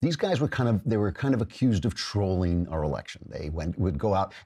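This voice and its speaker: Husky-voiced sarcastic male commentator. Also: low voice, a little fast, mellow. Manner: sarcastic, mocking. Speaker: podcast host. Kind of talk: political commentary monologue.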